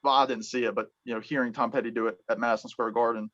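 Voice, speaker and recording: A man hosting a casual music chat, talking in halting bursts full of ums and restarts. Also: mid-range voice, fairly even intonation, fairly bright tone. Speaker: podcast host. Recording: dull lo-fi sound.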